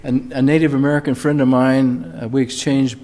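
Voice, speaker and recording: An older male pastor gives a Sunday sermon in a church, telling a personal story in a plain, conversational way. His pitch sits mid-range, and he leans on key words with emphatic rises. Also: level tone, a little fast, warm tone. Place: church sanctuary.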